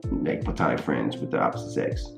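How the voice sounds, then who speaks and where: Brief: man co-host with a very deep voice, reflective and measured, echoey room. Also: vocal fry, music in the background. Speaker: podcast co-host. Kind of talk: casual chat.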